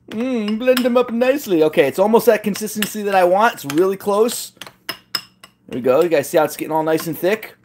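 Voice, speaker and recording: A man's voice: sits high, expressive, a little fast, darkish tone. A man hosting a cooking challenge from his home kitchen, talking casually and jokingly to a live audience. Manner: chatty, joking, self-deprecating. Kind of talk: casual live-stream chat.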